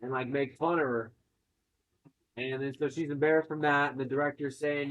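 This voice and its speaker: A man's voice: medium pitch, fairly even intonation, normal speed, a bit bright, highs cut off. A man casually retelling a film's plot, swearing and acting out quotes, in a chatty movie-recap conversation.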